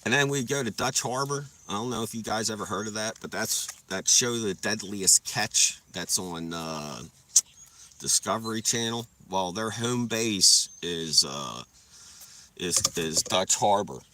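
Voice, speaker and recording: A man's voice: fairly low pitch, a little slow, bright, forceful tone. A young man livestreaming, telling rambling stories full of swearing and laughing at them as he goes. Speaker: livestreamer chatting with viewers. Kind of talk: casual storytelling.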